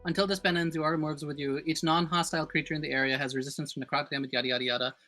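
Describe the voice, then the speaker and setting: Eager, bright-voiced man playing a tabletop game. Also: fairly high pitch, steady tone, racing, soft background music. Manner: eager, reads rules aloud. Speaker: player. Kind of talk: casual tabletop game chat.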